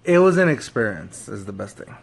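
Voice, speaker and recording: A man in a casual chat, telling a story in an excitable way, with frequent restarts and laughs. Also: on the low side, brisk, vocal fry. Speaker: podcast co-host.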